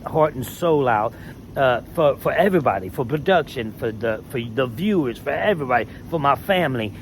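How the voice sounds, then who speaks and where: A man with a somewhat high voice, talking in a casual, heated rant. He is emphatic and swears freely. A faint noise hums behind him. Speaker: former reality show contestant.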